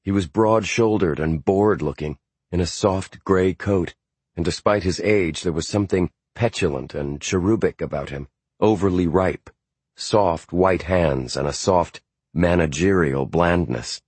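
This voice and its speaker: A man narrating a novel in the first person in a measured way. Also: low-pitched, a little mellow, husky, no room sound. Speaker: audiobook narrator. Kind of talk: scripted narration.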